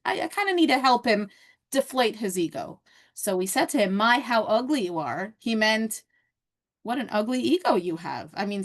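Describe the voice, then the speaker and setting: A woman teaches a Torah lesson in a casual, conversational way. Her voice sits a little high. She grows animated as she acts out the quotes. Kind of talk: casual lecture.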